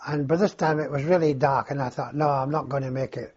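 An older man being interviewed, telling his own story in a halting, reflective way, on a dull lo-fi recording. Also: mid-range voice, steady tone, darkish tone, breathy edge. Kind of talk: oral history recollection.

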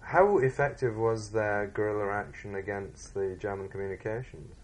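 A man's voice: lowish voice, moderate pace. A man interviewing a war veteran, asking brief, probing questions. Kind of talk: oral history interview.

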